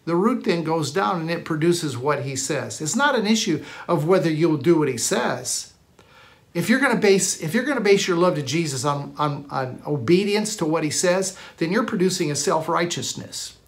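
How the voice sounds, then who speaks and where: Male pastor, live-streamed sermon, emphatic repetitive delivery, a bit high-pitched. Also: expressive, moderate pace, vocal fry. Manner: emphatic preacher, repeats key phrases, frequent restarts.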